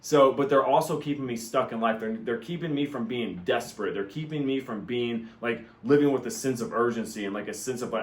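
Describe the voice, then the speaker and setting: A man's voice: mid-range voice, fairly quick, few pauses, reverberant. A man vlogging in a casual personal monologue, rambling and earnest, with many fillers.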